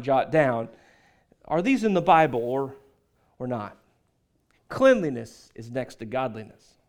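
A man preaching a sermon to his congregation in a conversational way, with asides and quoted lines. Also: fairly high pitch. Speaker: pastor. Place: church sanctuary.

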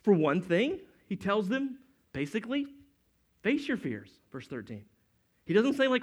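A man's voice: high voice, very animated, unhurried. A middle-aged man preaching a sermon as pastor, in a conversational, storytelling way that acts out quotes.

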